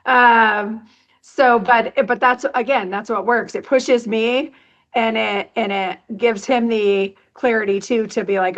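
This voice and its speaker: A woman's voice: fairly high pitch, steady tone, slow pace, fairly bright tone, highs cut off. A woman being interviewed on a podcast as a company executive, chatty and upbeat in her talk. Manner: upbeat, chatty, laughs easily.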